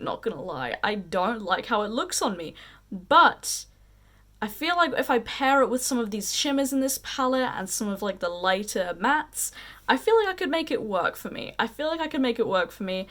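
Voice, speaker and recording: A woman's voice: a little high, sing-song, a bit bright. A young woman with an unusual mixed accent, chatting casually and gushing about makeup as a beauty vlogger. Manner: gushing, chatty, drawn-out emphasis. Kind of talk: casual chat.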